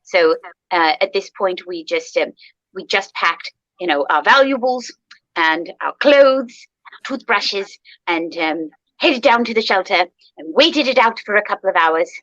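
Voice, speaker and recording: A woman's voice: mid-range voice, animated, unhurried, a bit bright, no room sound, highs cut off. A woman in playful in-character chat, telling a story with many ums and gasps. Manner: chatty, frequent ums and gasps. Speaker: performer in costumed character.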